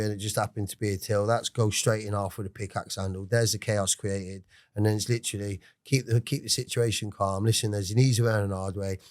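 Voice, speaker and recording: A man in his forties with an English accent tells his story in a loose, rambling way. He swears constantly and restarts his sentences as he goes. His voice sits fairly low and sounds dry and close, with no room echo. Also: a little mellow. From England. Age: 40s. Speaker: podcast guest. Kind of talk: casual storytelling interview.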